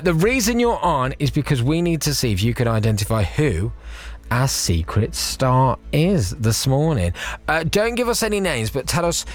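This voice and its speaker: A man hosting a radio phone-in, chatty, teasing and upbeat. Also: mid-range voice. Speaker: radio show host. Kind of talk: lively radio phone-in chat. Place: radio studio.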